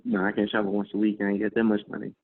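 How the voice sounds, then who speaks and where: A young man in his twenties, telling a long story in a relaxed, chatty way and often dropping "man" and "you know". His voice sits fairly low, and the sound is thin and narrow, as if it comes over a phone line. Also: racing, vocal fry. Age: 20s. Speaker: guest. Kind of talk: casual storytelling interview.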